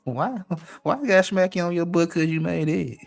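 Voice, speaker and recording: A man's voice: high-pitched, lively intonation, a little fast, gravelly, no room sound, faint music behind. A man in casual chat, laid-back and teasing.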